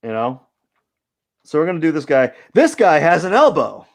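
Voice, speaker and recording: A man's voice: fairly high pitch, very animated, moderate pace, gravelly. A man hosting a live drawing stream, giving casual commentary as he works and thinking aloud in a rambling way, with lots of fillers.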